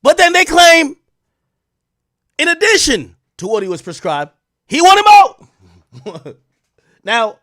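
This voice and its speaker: Young male host, high and very lively voice, slangy profane storyteller, dry close sound. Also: unhurried, long pauses, no echo. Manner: animated, profane, slangy, swings from loud exclaims to low asides. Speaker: show host. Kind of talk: casual storytelling to viewers.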